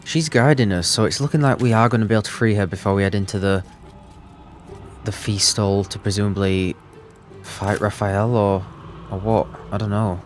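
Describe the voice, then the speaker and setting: A man hosting a let's play, chatting excitedly and thinking aloud as he plays. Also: on the low side, moderate pace, soft background music. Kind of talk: gaming commentary.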